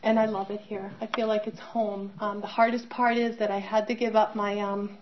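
A woman's voice: mid-range voice, level tone, moderate pace, muffled recording. A middle-aged woman telling her personal recovery story, candid and conversational, with many fillers and restarts. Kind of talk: personal testimony talk.

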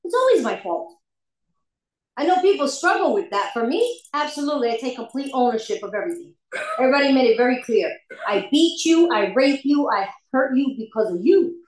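In an echoey room, a woman gives a candid personal recovery testimony at a meeting, laughing often as her story unfolds. Her voice is high-pitched with big swings in pitch, and she talks fairly quickly.

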